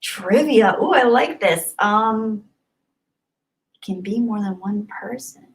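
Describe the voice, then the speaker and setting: A bubbly young woman hosts a casual livestream and chats warmly with her viewers. She gushes over their messages in a mid-pitched voice and thinks aloud as she scrolls. Her talk is excitable and loose, with lots of thanks. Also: slow pace. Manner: chatty, thinks aloud while reading the chat. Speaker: livestream host. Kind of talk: casual live chat, reading super chats.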